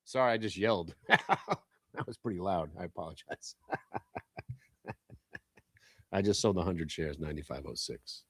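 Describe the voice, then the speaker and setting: A man with a low, voice runs live trading commentary on a stock show. He talks bluntly, swearing at stocks and getting worked up. The sound is dry and close. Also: moderate pace, long pauses, husky, no echo. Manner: blunt, animated, swears and yells at the market.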